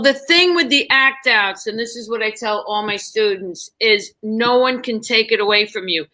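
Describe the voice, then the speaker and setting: A woman's voice: on the high side, pushed and bright. A woman comedian chatting as a guest on a livestream, telling jokes with a brash, punchy delivery. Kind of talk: casual chat with a stand-up bit.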